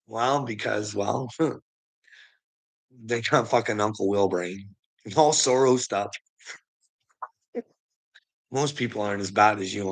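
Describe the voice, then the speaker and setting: A man's voice: lowish voice, gravelly, pushed and bright. A man ranting casually on a livestream, swearing freely, laughing often and calling his viewers "bud".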